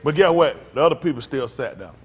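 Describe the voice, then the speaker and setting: A man speaking as a pastor in an emphatic, preacherly talk, often building up to loud outbursts. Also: medium pitch, animated, brisk.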